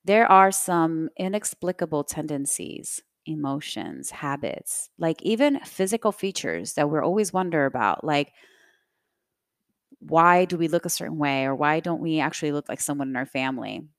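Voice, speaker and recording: A woman's voice: low-pitched, animated, moderate pace, dry recording, clean studio sound. A young adult woman hosting a podcast, telling a personal story in a reflective, conversational way with many fillers. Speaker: podcast host.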